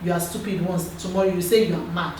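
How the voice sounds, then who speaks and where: A woman in her thirties with a Nigerian accent, chatting earnestly as a guest and giving advice in a lively, storytelling way. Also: lowish voice, fast talker. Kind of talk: casual chat. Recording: roomy echo, far from the mic, background noise.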